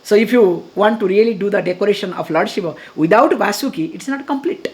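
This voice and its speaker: A middle-aged woman with an Indian accent, a spiritual teacher giving a scripture discourse, animated and chuckling, acting out dialogue and chanting Sanskrit verses slowly. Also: mid-range voice.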